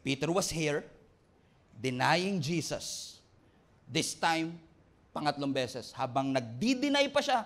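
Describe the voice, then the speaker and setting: A man with a Filipino accent, a pastor preaching a sermon, switching between English and Tagalog and moving from loud, excited storytelling to hushed reflection. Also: on the high side, a little slow, long pauses. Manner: mixes English and Tagalog mid-sentence.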